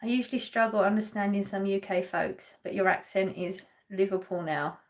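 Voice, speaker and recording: A woman's voice: medium pitch, moderate pace. An English woman hosting a casual live stream, chatting and laughing as she reads viewer comments aloud. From England. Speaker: livestream host.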